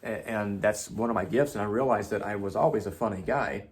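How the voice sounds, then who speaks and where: A man's voice: lowish voice, fairly quick. A man giving an emphatic spiritual self-help monologue, repeating himself and swearing casually. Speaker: motivational speaker.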